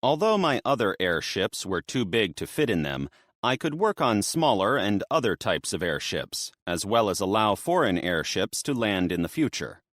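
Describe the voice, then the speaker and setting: Low voiced guy reading an audiobook, lots of pitch movement, dry close sound. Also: sing-song, normal speed, fairly bright tone, no room sound. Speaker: audiobook narrator. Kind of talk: scripted first-person narration.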